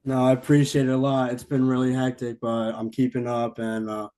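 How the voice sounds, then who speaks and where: A young man, a guest on an interview, speaking quietly and hesitantly from a distance. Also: medium pitch, completely flat delivery, a little fast.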